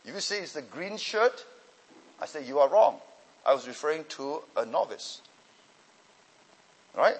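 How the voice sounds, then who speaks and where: A man with a slightly high, sing-song, breathy-edged voice talks at normal speed and pauses often. He works as a pastor and Bible teacher, answering student questions in a teaching session while explaining and frequently checking comprehension. There's long hall reverb.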